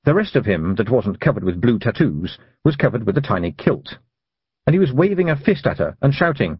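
A man narrating an audiobook for young readers in a lively, expressive reading style. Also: mid-range voice, brisk, slightly rough, no echo, highs cut off. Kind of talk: scripted storybook narration.

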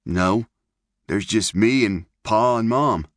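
A man's voice: fairly low pitch, slow, no echo, studio quality, pitched above the performer's own voice. A man doing a shy folksy farm boy. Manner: folksy rural talk. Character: shy homespun farm boy heading west.

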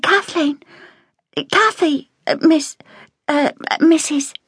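A woman's voice: high-pitched, slow, fairly bright tone, no echo, studio quality, pitched above the performer's own voice. A woman voicing a shy, tearful little evacuee girl who speaks in a small, hesitant voice. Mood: timid.

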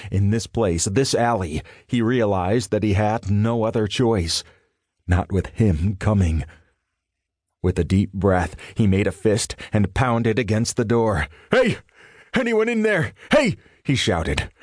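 Male audiobook narrator, lowish voice, dry studio sound, measured suspense. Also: mellow, dry recording. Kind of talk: scripted thriller narration.

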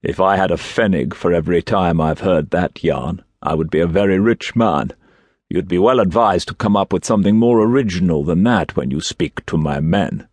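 A man's voice: low-pitched, moderate pace, darkish tone, no echo. A male narrator voicing a stern, sneering army colonel who interrogates curtly. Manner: curt, interrogating.

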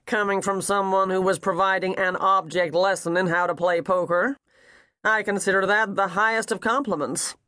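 A man voicing a gruff, blunt, wealthy older father with a growling voice. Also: high voice, fairly even intonation, moderate pace, bright, forceful tone, no room sound, clean studio sound.

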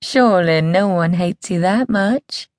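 A woman voicing a brisk, firm, no-nonsense elder sister in an audiobook. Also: lowish voice, a little mellow, dry recording, studio quality, close to an everyday voice.

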